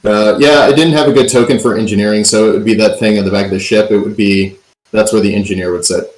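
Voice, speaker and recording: A man's voice: fairly low pitch, fairly even intonation, fast. A man running a tabletop game as game master, narrating the story and recapping with dramatic emphasis and the odd um. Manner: dramatic recaps with filler ums. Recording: roomy echo.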